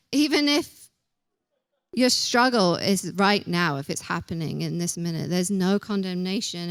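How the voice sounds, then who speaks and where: A woman's voice: medium pitch, fairly bright tone, smooth, dry recording. Chatty woman preaching, dry sound. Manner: chatty and self-deprecating, acts out quotes. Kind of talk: casual sermon.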